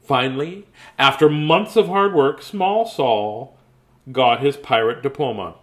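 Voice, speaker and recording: A chatty man reading a picture book aloud, laughing often and wandering off into asides. His pitch moves in a lively way from line to line. The voice sits in a middle register. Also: unhurried. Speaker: children's book reader. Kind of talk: casual storybook reading.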